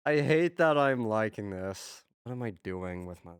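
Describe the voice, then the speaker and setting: A man's voice: lowish voice, animated, normal speed, clear, resonant tone, no echo, studio quality. A man streaming as he writes music, talking casually to himself, muttering, trailing off and restarting his thoughts. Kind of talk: casual thinking aloud while working.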